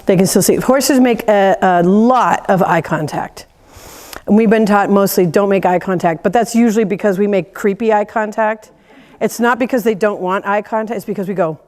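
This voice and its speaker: A woman teaching a class of horse owners, animated, laughing often and acting out quoted voices. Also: medium pitch, normal speed, long reverb tail. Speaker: horse trainer giving a lecture. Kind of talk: lively teaching talk.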